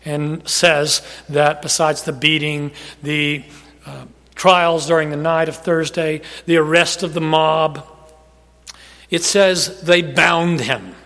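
A high-pitched male pastor preaches with emphasis, pushing some phrases out loud and letting others sink to a near hush. His voice rings out with a long reverb, as if in a large hall. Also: fairly even intonation, slow pace. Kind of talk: sermon.

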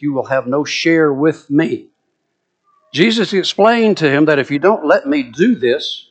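A man with a Southern US accent preaching a sermon, acting out scripture quotes with lively, dramatic delivery. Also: a little high. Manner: animated, dramatic quoting of scripture.

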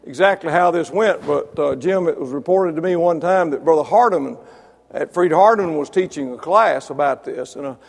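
A man preaching a sermon, building to loud emphatic peaks, then dropping low, with wry asides to listeners by name. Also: a little fast, creaky. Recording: long reverb of a large hall.

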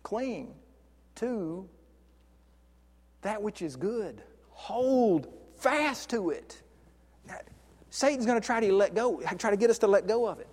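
Male preacher, conversational sermon, restarts, stretches key words; high-pitched, reverberant hall sound. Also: lively intonation, darkish tone. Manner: conversational, with frequent restarts and slow stressed words.

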